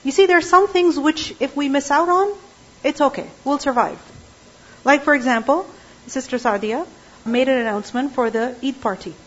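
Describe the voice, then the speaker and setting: A woman's voice: sits high, moderate pace, a bit bright, dull audio. A woman teaching a Quran class, explaining verses and checking in with her students with frequent questions.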